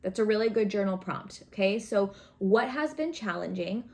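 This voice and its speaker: A woman's voice: mid-range voice, lively intonation, normal speed. Chatty, encouraging woman reading tarot. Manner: chatty, earnest, frequent "right?" and "okay?" check-ins; encouraging, coaching tone. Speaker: tarot reader. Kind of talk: casual tarot reading to camera.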